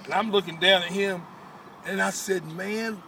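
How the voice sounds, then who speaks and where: High-voiced man telling a rowdy story. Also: moderate pace. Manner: animated, profane, laughing often. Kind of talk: casual spoken story. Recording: far from mic, loud street and car noise.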